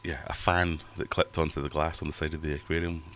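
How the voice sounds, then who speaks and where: A man's voice: very deep voice, flat delivery, fast, a bit bright, slight background noise. A middle-aged man hosting a casual livestream from his home fish room, chatting to viewers and reading their comments in a rambling, self-mocking way. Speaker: livestream host.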